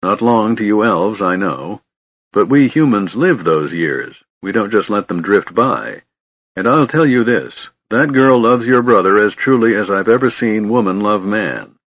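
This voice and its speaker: A man reading the part of a middle-aged human smith in an audiobook, speaking gently and steadily. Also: lowish voice, lively intonation, measured pace, no room sound. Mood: gentle. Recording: muffled lo-fi recording.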